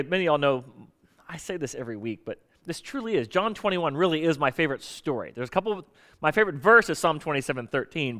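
A man preaching a conversational sermon as pastor, casual and animated, acting out bits of dialogue. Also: a little high.

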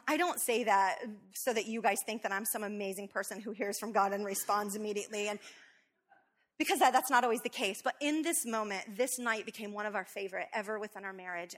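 A woman co-hosting a talk show with her husband, telling a personal story in a lively, quick way with many fillers. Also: mid-range voice. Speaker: co-host, wife. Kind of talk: storytelling in casual chat.

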